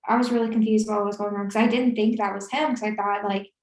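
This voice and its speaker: A woman in her twenties telling a story in casual chat, acting out the voices of the people she quotes. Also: fast. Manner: animated, acts out quoted lines with rising pitch. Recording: roomy echo.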